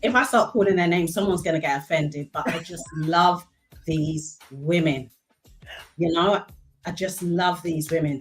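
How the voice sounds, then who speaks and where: Woman, fifties, low pitch, earnest faith testimony, soft music behind. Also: measured pace. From Barbados. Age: 50s. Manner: earnest, emotional, faith-filled. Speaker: event speaker, clinical services director. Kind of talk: heartfelt testimony.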